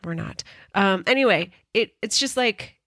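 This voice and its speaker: A woman's voice: mid-range voice, animated, normal speed, bright, forceful tone, no room sound, clean studio sound. A middle-aged woman hosting a podcast, telling a personal story in an earnest, emotional way and swearing casually. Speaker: podcast host.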